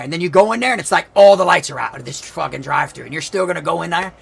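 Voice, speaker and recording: High, gravelly, bright-voiced streamer man. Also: rapid-fire, a little hiss or hum. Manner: rambling slangy storytelling with many restarts. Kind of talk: casual gaming stream chat.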